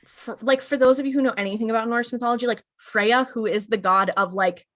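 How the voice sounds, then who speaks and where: A woman co-hosting a podcast, chatting through an episode recap and quickly acting out the characters' lines. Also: fairly high pitch, steady tone. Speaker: podcast co-host.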